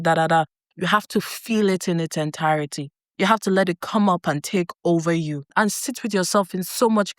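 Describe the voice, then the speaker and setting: A woman's voice: lowish voice, no echo, studio quality. A woman giving an earnest motivational talk to camera, repeating herself for emphasis. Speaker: life coach and vlogger.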